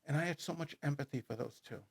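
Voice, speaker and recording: A man with a New York accent, a guest author telling his story in a studio interview, animated and rambling. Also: fairly high pitch, fast. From New York City. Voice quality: gravelly, husky. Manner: animated, rambling storyteller who speeds up and gets loud when excited.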